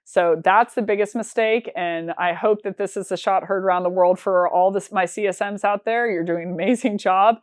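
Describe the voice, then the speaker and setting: A woman's voice: mid-range voice, steady tone, moderate pace, few pauses, no echo, clean studio sound. A woman hosting a sales show, talking through business advice in a candid, conversational way and counting off her points one by one.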